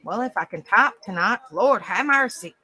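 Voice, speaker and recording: A bright, clear-toned woman hosts a casual livestream chat. She is folksy and exclamatory and talks to her viewers as she types. Her pitch sits in the middle of the usual range. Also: expressive, normal speed. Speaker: livestream panel host.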